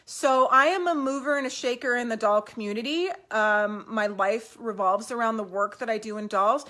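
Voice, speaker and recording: A woman's voice: fairly high pitch, moderate pace, fairly bright tone. A woman talking casually to camera at home about doll collecting, upbeat and encouraging, with fillers and restarts.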